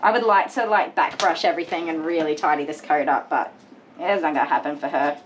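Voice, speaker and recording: A woman dog groomer chatting casually as she works, laughing often and scolding the dog in sharp bursts. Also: sits low, brisk, rough recording. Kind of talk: casual grooming vlog chat. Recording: loud electric clipper noise behind. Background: electric clippers buzzing.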